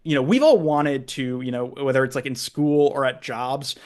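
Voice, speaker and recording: A man's voice: mid-range voice, moderate pace, darkish tone. A man co-hosting a sports podcast, talking in a loose, rambling way. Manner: rambling, full of likes and restarts. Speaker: podcast co-host. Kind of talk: casual sports chat.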